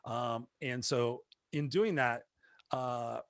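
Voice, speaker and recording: A man, a motivational speaker, telling his life story in a casual interview, animated and acting out the voices of people he quotes. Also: mid-range voice, takes it slowly, no echo, clean studio sound. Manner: animated, acts out quoted voices, many fillers.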